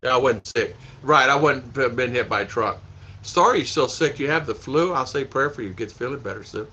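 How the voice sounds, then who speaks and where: Bright-voiced rambling man on a livestream. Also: medium pitch, fairly quick, slightly rough. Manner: rambling, repeats himself, laughs a lot. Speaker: vlog host reading live chat. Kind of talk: casual livestream chat. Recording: dull lo-fi stream audio.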